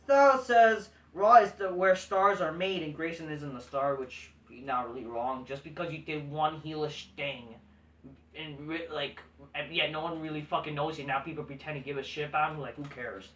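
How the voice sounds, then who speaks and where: A man's voice: a little high, normal speed, a bit bright, recorded from a distance. A man hosting a casual recap show, talking in a blunt, profane, dismissive way. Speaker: host. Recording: echoey room, voice set back from mic.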